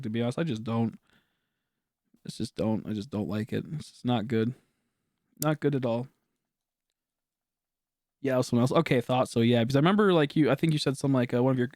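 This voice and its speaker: A man's voice: mid-range voice, dry recording, studio quality. A man streaming, chatting casually with viewers in a rambling way, with lots of filler words and frequent swearing.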